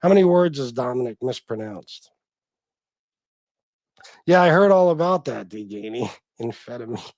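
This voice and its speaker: Chatty, swearing New livestream host. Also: male voice, mid-range voice, animated, normal speed, pauses often, darkish tone, no room sound. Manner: chatty, swears freely, reads and answers chat. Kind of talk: casual livestream chat.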